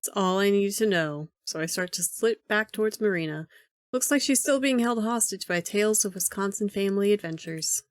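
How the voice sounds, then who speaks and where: A woman's voice: mid-range voice, a little fast, dry recording, studio quality. Amused, swearing woman streamer. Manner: profane, amused, laughing often. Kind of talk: reading a visual novel aloud with commentary.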